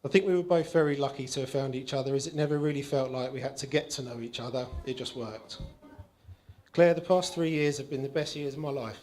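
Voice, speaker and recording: A man's voice: medium pitch, a little fast, a little mellow. A man giving his groom's speech at a wedding, reading a prepared text with self-mocking humour and affection. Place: wedding reception, indoors.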